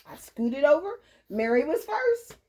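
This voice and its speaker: とても高い声で抑揚豊かに、よく笑いながらゆっくりと思い出話を語る女性。. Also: female voice, sits high, a little slow. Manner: giggly, animated, breaks into laughter often. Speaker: storyteller. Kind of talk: casual anecdote telling.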